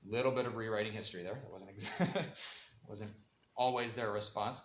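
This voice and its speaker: A man's voice: on the low side, moderate pace, fairly bright tone, a little hiss or hum. A man giving an informal, conversational Bible lesson in a church room, laughing often as he talks. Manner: conversational, laughs often, acts out quoted voices. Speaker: Bible teacher. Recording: echoey room with faint ambience.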